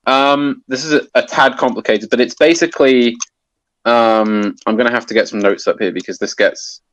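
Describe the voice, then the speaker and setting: A man's voice: medium pitch, steady tone, moderate pace, fairly bright tone, dull audio. A man explaining a topic in casual conversation, hesitant with many restarts and fillers. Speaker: guest explaining poetry.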